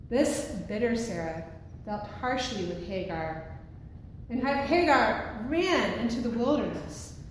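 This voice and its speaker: A woman's voice: on the high side, a little hiss or hum. A woman preaching a sermon from the pulpit in an earnest, emphatic way. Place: church sanctuary. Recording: echoey hall, heard from a distance.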